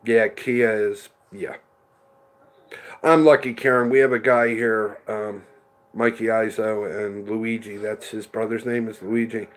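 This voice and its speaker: A man's voice: fairly low pitch, flat delivery, a little slow. Chatty middle-aged man on a livestream. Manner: chatty, rambling, answers viewers by name. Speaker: livestream host reading chat. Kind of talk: casual livestream chat.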